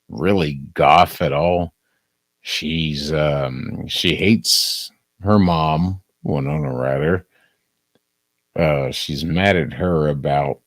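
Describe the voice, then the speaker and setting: A man's voice: rumbling low, gravelly, dry recording. A man streaming a casual, profane movie review, rambling and leaning on "um" and "uh". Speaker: live streamer.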